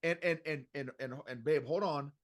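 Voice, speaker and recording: A middle-aged man speaks as a guest in a casual podcast interview, coaching listeners with animated emphasis. His voice sits a little higher than most men's. He keeps circling back to repeat his key phrases. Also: moderate pace. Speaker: guest, emotional intelligence coach.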